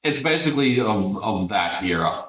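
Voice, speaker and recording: Joking, animated man in an echoey room. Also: on the low side, moderate pace. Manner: joking, swears freely, mimics silly voices. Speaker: tattoo artist and podcast host. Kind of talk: casual chat while tattooing.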